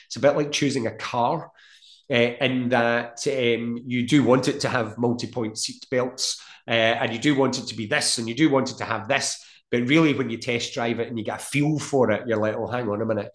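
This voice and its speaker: Man, middle-aged, podcast guest, earnest, echoey room. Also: medium pitch. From Scotland. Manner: earnest, storytelling, uses everyday comparisons. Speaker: guest, mental health practitioner. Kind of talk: casual podcast conversation.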